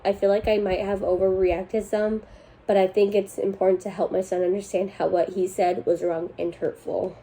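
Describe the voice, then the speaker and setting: A woman's voice: mid-range voice, warm tone, low-quality recording. A young woman chatting casually as host, reading online posts aloud and laughing between lines. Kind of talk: casual chat reading forum stories aloud.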